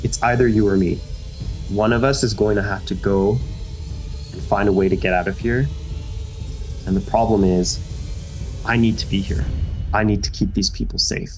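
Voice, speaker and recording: A man voicing a grim male mutant fighter who gives a hard order, earnest and halting. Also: lowish voice, fairly even intonation, a little mellow, faint music behind, natural voice. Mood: urgent.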